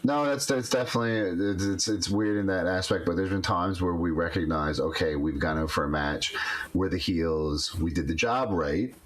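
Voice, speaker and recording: A man co-hosting a podcast, a wrestler telling stories in casual chat, animated, with many restarts. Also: deep voice, moderate pace, a little hiss or hum.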